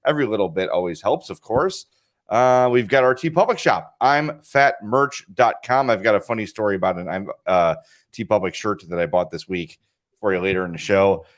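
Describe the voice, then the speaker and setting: A man's voice: fairly low pitch, expressive, moderate pace. A man co-hosting a podcast in casual chat, a rambling storyteller, recorded in a studio with video cameras. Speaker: podcast co-host.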